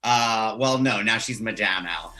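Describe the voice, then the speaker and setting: A man hosting an online comedy show, briskly thanking the comedian and signing off. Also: fairly low pitch, sharp tone. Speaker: show host. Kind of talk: casual host wrap-up.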